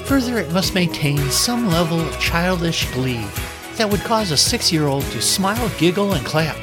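Man, storyteller, wry musing narration, animated pitch, music behind. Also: normal speed. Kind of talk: story reading.

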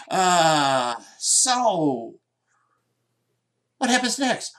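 A man reading a short story aloud in an unhurried way, with musing asides. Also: fairly high pitch, expressive, fairly bright tone.

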